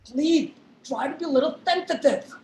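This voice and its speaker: A woman's voice: high-pitched, normal speed, a little mellow, reverberant, natural voice. A woman playing a lisping masked man in a hurry. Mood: evasive. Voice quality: lisp. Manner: urgent, pleading, often whispered. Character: limping lisping masked man, jumpy kidnapper. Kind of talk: live play reading over video call. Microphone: video call.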